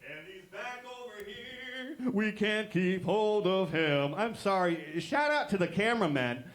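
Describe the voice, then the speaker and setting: A man's voice: sits high, lively intonation, unhurried. A man freestyle performer who slides between singing and playful, rambling spoken riffs in an improv comedy set.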